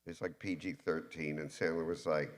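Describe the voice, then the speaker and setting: A man on a convention panel telling a behind-the-scenes story in a relaxed, dry way. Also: rumbling low, brisk. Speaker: panel guest, film actor and producer. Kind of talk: anecdotal panel talk.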